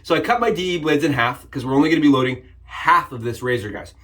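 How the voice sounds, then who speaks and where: A man hosting a casual shaving vlog, upbeat and jokey, rambling with frequent restarts and sudden excited jumps in pitch. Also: fast talker. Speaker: shaving channel host. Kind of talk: casual shave demonstration vlog.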